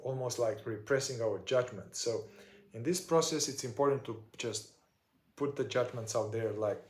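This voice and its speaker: A man teaching a therapy process step by step, unhurried and searching for his words with many fillers. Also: medium pitch, a little mellow, echoey room. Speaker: somatic shadow work teacher.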